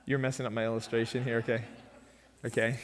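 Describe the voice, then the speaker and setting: A man, a pastor, teaching a church finance lesson in a lively storytelling way and quizzing his audience. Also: medium pitch, fast. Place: church hall. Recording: long hall reverb.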